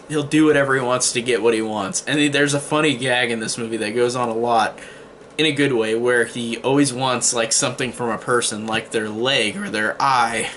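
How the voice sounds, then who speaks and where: A medium-pitched man rambles through a casual spoken movie review, frequently restarting sentences and relying on fillers. His voice is bright and forward, over a faint hiss of noise.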